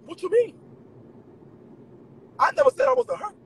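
A man venting to his viewers in an animated, profane, emphatic rant. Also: very high-pitched, moderate pace, slight background noise, rough recording. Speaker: vlogger. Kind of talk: ranting straight to camera.

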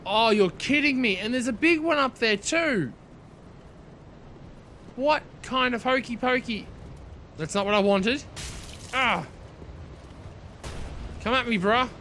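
A young man commentating his own gameplay, excitable, swearing and yelping at what happens on screen. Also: extremely high pitch, slow, pauses often, slight background noise. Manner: excitable, swears and yelps at the game. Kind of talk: let's play commentary.

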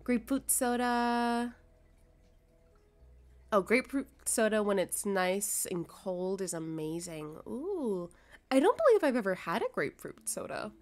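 Casual young woman game streamer, slow and expressive, reads chat aloud. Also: mid-range voice. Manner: chatty, reads and answers chat messages; swears casually, laughs often. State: sleepy, yawning.

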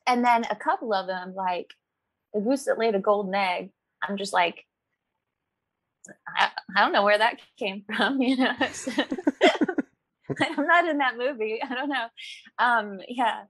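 An actress in a casual interview, talking in a chatty, animated way and laughing often. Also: female voice, fairly high pitch, a little slow, pauses often, no echo. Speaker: actress guest.

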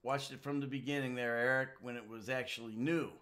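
A man's voice: mid-range voice, steady tone, fairly quick, fairly bright tone. A middle-aged man streaming a video game, chatting and swearing with exasperation as he plays. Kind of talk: live gameplay commentary.

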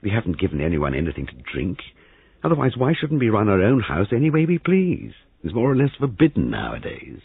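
A man's voice: lowish voice, wildly swooping pitch, fairly quick, creaky, slightly rough, no echo, voice pushed up, full character voice. A man voicing an anxious young wife who runs a guesthouse, with a flustered, pleading manner, heard in a phone-like, lo-fi reading.

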